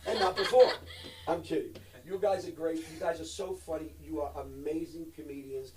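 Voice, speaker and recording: A man's voice: fairly high pitch, fairly even intonation, moderate pace, background noise. Middle-aged guy rambling and cracking jokes, cussing, kinda far from the mic. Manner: rambling, joking, loud bursts and profanity. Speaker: actor guest. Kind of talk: joking live-stream chat.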